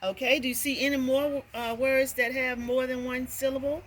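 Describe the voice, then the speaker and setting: A woman's voice: sits high, flat delivery, normal speed, fairly bright tone, slight background noise. A woman teaching parents how to work on reading with a nursery rhyme, sounding out words and checking in with "okay.".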